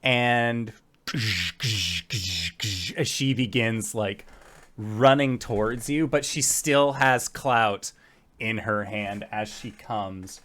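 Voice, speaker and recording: Male game master, unhurried, rambling narration with fillers. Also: mid-range voice, fairly bright tone. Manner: loose, full of fillers.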